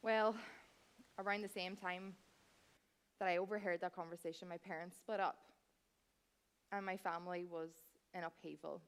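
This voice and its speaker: A woman in her thirties performs cabaret on a theatre stage, speaking straight to the audience as she tells a funny, wry story in a chatty manner. Her lowish voice is clear and resonant, with fairly even intonation, a moderate pace and long pauses.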